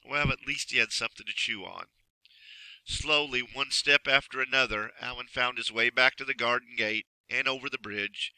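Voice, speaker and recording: A man reads a children's story aloud, expressive and measured, pacing every sentence with care. His voice is strikingly bright and sharp, recorded close and dry, with no room sound. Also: mid-range voice, clean tone, dry recording, poor audio. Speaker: narrator. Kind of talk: storybook reading.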